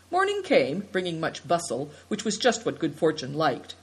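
A woman reading a story aloud as narrator, lifting her pitch to voice the characters. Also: wildly swooping pitch, moderate pace, few pauses, slightly rough. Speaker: audiobook narrator.

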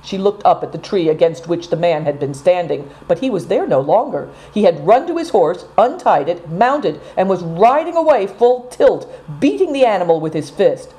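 Woman storybook narrator; low, mellow, very animated reading. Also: normal speed, hardly any pauses. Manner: expressive, dramatic reading. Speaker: audiobook narrator.

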